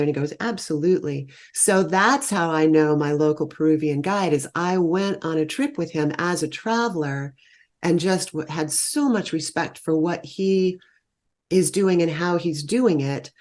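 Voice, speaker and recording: A woman with a low voice tells stories of guiding small groups on treks. She speaks in a relaxed, conversational way and lifts her voice when she acts out what people said. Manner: animated, warm storytelling that lifts into quoted exclamations. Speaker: guest, meditation retreat leader. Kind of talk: conversational storytelling.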